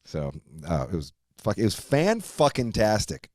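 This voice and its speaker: Low-voiced man telling a rambling, profane story. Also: huge pitch swings, a little slow, a little mellow, no room sound, studio quality. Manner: rambling, profane, laughs often. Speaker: podcast host. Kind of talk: casual storytelling chat.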